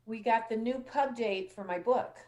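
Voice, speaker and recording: A woman with a fairly high voice speaks at a moderate pace, a little mellow, and the audio sounds dull. She hosts a casual call-in show, telling stories chattily and acting out what other people said.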